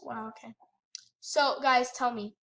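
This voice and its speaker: A woman's voice: on the high side, fairly even intonation, a little slow, a bit bright. A woman ranting with sassy indignation while commentating her gameplay at home by the computer. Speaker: gaming channel host.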